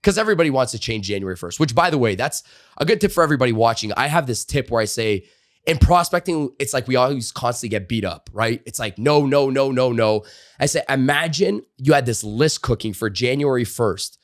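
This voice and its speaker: Animated sales-trainer man, dry close sound. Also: medium pitch, fast, dry recording. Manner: animated storyteller, frequent "like" and "you know" fillers. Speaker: sales trainer and author, podcast guest. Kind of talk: conversational storytelling interview.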